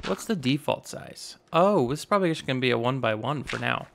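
A man in his twenties with a slightly raspy voice, casually narrating a building game and rambling as he goes. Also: mid-range voice, lively intonation, brisk, a little hiss or hum. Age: 20s. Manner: rambling, self-teasing, narrates each step aloud. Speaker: gaming YouTuber. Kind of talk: casual Minecraft let's play commentary.

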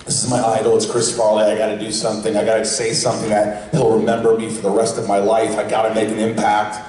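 Hoarse male panelist, jokey raconteur, recorded far off in a reverberant hall. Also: fairly low pitch, completely flat delivery, fast, a little hiss or hum. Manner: joking, loud bursts of impressions. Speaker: actor on a convention panel. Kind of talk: animated storytelling to a fan audience. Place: large convention hall. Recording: distant, echoey convention hall.

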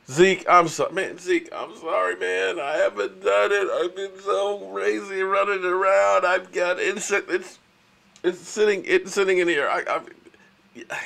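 A man's voice: sits high, fairly even intonation, unhurried, creaky, a bit bright. A man hosting a casual sports livestream, chatting with viewers and ranting at rival fans. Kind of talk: casual live-stream chat with viewers.

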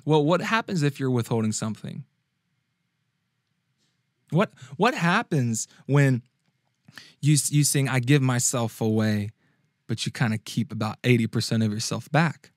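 A young man giving a casual sermon-style talk as a podcast host. He talks conversationally, restarts his phrases often, and acts out quotes in a higher voice. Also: lively intonation, a little slow, pauses often, no echo, clean studio sound. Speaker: youth preacher and podcast host.

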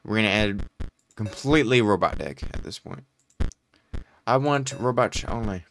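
A young man commentating a card game as he plays. His voice sits low but swings widely, and he reads card text aloud between excitable reactions. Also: normal speed, noisy background. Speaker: gaming let's-play host. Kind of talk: casual gameplay commentary.

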